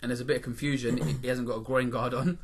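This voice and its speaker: A man's voice: medium pitch, fairly even intonation, quick pace, a little hiss or hum. A man co-hosting a podcast, telling stories in casual chat with a rambling, swearing manner. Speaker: podcast co-host.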